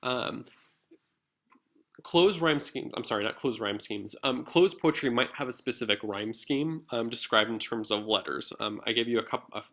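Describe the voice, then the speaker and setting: Casting: male lecturer, mid-range voice, relaxed and explanatory, peppered with ums. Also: medium pitch, normal speed. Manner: casual and explanatory, many filler ums. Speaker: literature instructor. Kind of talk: recorded lecture.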